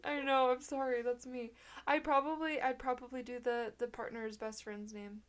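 A woman's voice: fairly high pitch, steady tone, moderate pace, clear, resonant tone. A young woman co-hosting a podcast, chatting casually in a playful, giggly way. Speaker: podcast co-host. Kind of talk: casual chat.

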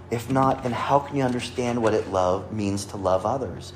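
Low-voiced man preaching a sermon. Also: normal speed, hardly any pauses, slight background noise. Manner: earnest preaching, rises and drops for emphasis, quotes scripture. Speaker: pastor. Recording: echoey room with faint ambience.

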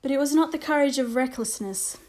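A woman narrates a children's storybook in a measured, expressive way. Her voice sits a little high and sounds soft and mellow. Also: slight background noise.

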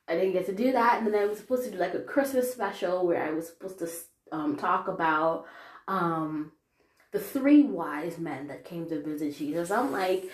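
A woman's voice: on the low side, moderate pace. Rambling young woman in a roomy room. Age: young adult. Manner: rambling, chatty and animated. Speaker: podcast host. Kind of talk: casual solo update.

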